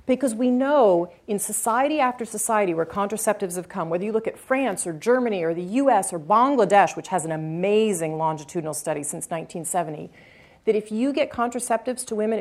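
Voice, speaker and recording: A woman's voice: medium pitch, fairly quick. A woman speaking earnestly at a public talk, answering an audience question with a long story. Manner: earnest, animated when retelling encounters, fillers like "um, so".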